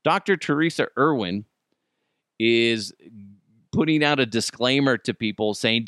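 A man's voice: mid-range voice, lively intonation, a little slow, a bit bright, no echo, studio quality. A man hosting a podcast, ranting casually and profanely about the news and laughing at his own jokes. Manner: ranting, swears a lot, laughs. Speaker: podcast host.

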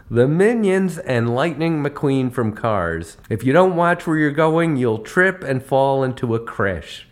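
A man hosting a podcast, telling comic travel stories with a wry, punchline-driven delivery. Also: fairly high pitch. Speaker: podcast host. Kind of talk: comedic travel storytelling.

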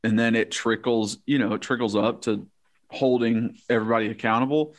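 A man in his thirties, a former college football player, telling stories in an animated, profane way in casual chat. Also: medium pitch, a little fast.

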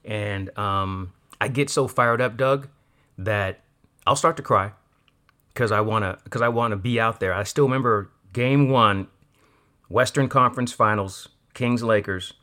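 A sports show host telling an excited story in a casual talk, acting out the dialogue. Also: male voice, on the low side, unhurried. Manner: excitable, acts out quoted dialogue.

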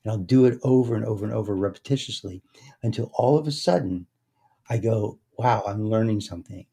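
A man speaking as an interview guest in a slow, meditative way, often trailing into soft, quiet chanting. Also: on the low side, creaky, husky. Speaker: guest, speaker and success coach. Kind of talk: casual interview talk.

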